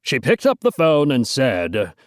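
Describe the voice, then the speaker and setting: A woman's voice: rumbling low, wildly swooping pitch, measured pace, no room sound, studio quality. A woman reading a children's storybook aloud, playful, with joking asides to listeners.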